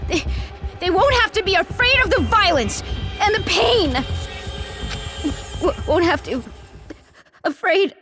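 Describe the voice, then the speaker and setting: A woman's voice: very high voice, big pitch swings, measured pace, pauses often, over music, full character voice. A woman voicing a traumatized young boy in a game, a boastful bully who stammers, breaks down and screams in panic. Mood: shaky, desperate. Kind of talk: game voice acting.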